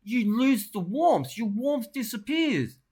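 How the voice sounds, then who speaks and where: A man's voice: very high-pitched, big pitch swings, darkish tone, slightly rough. A man, rambling through crude, boastful comic tall tales. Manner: brash, crude, rambling, fast-talking boasts.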